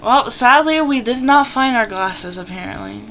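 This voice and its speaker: A woman's voice: a little high, expressive, moderate pace, fairly bright tone, slight background noise. Woman, giggly, casual, reading game text, gamer playthrough.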